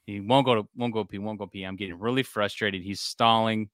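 A man in his thirties with a lowish, bright and very clear voice, chatting casually as a podcast co-host. He tells family stories animatedly and laughs a lot. The sound is dry and close. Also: fairly even intonation, a little fast, dry recording. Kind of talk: casual chat.

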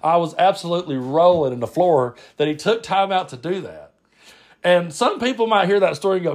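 A man's voice: high voice, expressive, fairly quick. A man, telling stories on his podcast in a rambling, self-interrupting way. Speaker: podcast host. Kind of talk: casual storytelling.

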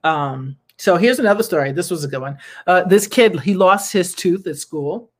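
A husky, mid-range voice at a moderate pace belongs to a podcast host and nonprofit founder in their thirties. They host a casual good-news talk, rambling and chatting with lots of laughs and fillers, plus earnest, preachy asides.

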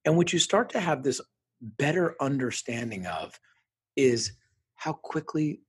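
A middle-aged man with a very husky, breathy voice and a steady pitch. He talks earnestly and reflectively as an interview guest, and he livens up when he quotes the people in his stories. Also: a little slow. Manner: earnest, reflective, animated when quoting others. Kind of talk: conversational interview storytelling.

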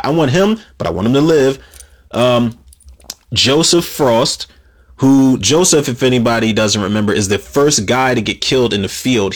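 Guy rambling on his own show, stammers and restarts a lot, swears casually, mid pitch. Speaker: podcast host. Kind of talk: casual solo commentary.

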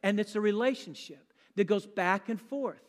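A man's voice: high voice, moderate pace, big-room sound. A man preaching a sermon as a guest speaker in a church, chatting with the congregation and joking along the way. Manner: conversational and joking, quizzes the congregation.

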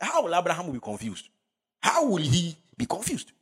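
A man's voice: sits high, wildly swooping pitch, normal speed, breathy edge. A man preaching a fervent sermon, calling out to the congregation for responses. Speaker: pastor.

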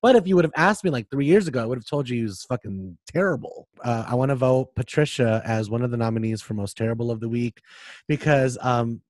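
Casting note: male podcast host, mid pitch, animated storyteller, joking and profane, dry close sound. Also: fast talker, dry recording. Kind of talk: casual pop culture chat.

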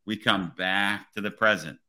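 A police officer hosting a podcast, talking in an earnest, motivational way and often checking in with "right?". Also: male voice, on the low side, fairly even intonation, normal speed, bright, forceful tone. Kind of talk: casual podcast conversation.

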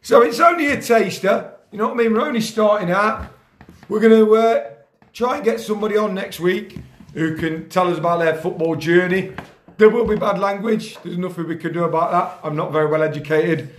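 High-voiced sweary man ranting. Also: a little fast, roomy sound. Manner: angry, sweary, rants loudly. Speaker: podcast host, grassroots football coach. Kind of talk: sweary casual rant. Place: kitchen.

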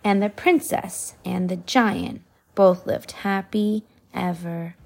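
Woman reading a bedtime picture book to a child; unhurried, husky, slightly high. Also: fairly even intonation. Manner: slow, soft storytelling with whispered asides. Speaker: parent reading aloud.

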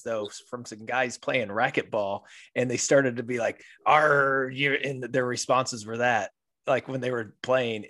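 A man's voice: mid-range voice, fairly bright tone. A man in his thirties hosting a podcast, chatting casually and laughing at his own jokes. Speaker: podcast host.

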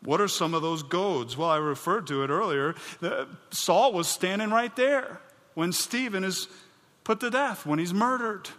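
A man preaching a sermon, swinging dramatically between booming emphasis and hushed, low passages. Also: unhurried. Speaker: pastor. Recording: long hall reverb.

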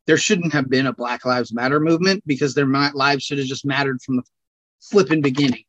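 A man with a Californian accent, talking casually as a podcast guest in an animated, rambling way with loud bursts. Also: medium pitch, brisk, lo-fi sound. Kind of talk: casual conversation.

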